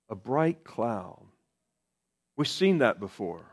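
A man's voice: mid-range voice, expressive, a little slow. A man preaching a sermon in a conversational way, repeating key phrases for emphasis.

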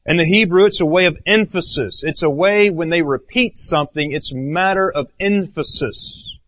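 Man preaching with rising emphasis. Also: moderate pace. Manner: earnest preaching, swings between raised emphasis and low hushed phrases. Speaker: pastor. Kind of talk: sermon.

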